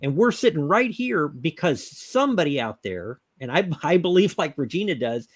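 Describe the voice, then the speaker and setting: A man talks earnestly and thoughtfully on a live web talk show. His voice sits a little high, and the recording is dry and close. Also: sing-song, normal speed, husky, no echo. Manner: reflective, earnest. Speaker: co-host. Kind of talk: casual chat.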